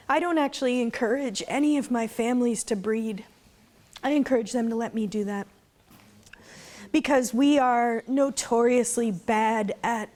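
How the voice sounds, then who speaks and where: With a warm, slightly high voice, a middle-aged woman who keeps goats addresses a live audience at a conference. Her manner is chatty and full of laughter, her stories punctuated by asides about her faith.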